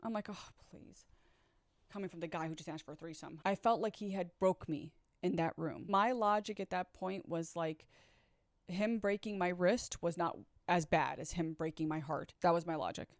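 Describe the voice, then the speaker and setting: A woman with a fairly low voice tells a personal story in a casual, candid way, chatting straight to her viewers and swearing now and then. The sound is dry and close, with no room around it. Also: moderate pace, dry recording.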